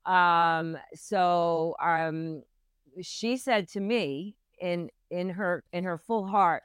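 A woman's voice: fairly low pitch, very slow, smooth, dry recording, studio quality. A middle-aged woman, a midwife, earnestly telling her own hard birth story as an interview guest. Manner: earnest, intense retelling of a hard memory. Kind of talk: personal storytelling in a podcast interview.

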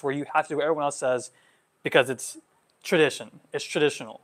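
Guy in his 20s on a livestream answering questions, says like a lot, gets fired up, kinda high voice. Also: fast talker. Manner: animated, gets worked up, many "like" fillers. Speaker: vlogger answering follower questions. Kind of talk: livestream Q&A monologue.

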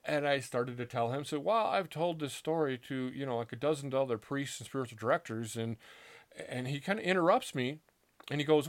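A middle-aged man tells a personal story in an earnest, casual way. He stumbles and restarts now and then and acts out the voices of the people in it. His voice sits at an ordinary middle pitch. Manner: earnest, halting, with restarts and acted-out quotes. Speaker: author telling his story.

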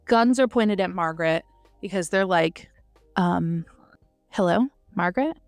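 A woman co-hosting a podcast, casually reviewing a book and retelling its scenes with lively acted-out quotes. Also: lowish voice, a little slow, dry recording, faint music behind. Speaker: podcast co-host.

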